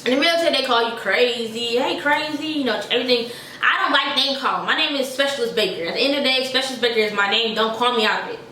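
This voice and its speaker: A woman's voice: a little high, fast talker, reverberant, far from the mic, slight background noise, low-quality recording. Sassy young woman telling a story. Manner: animated, sassy, talks straight to viewers. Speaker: vlogger. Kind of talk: casual storytime.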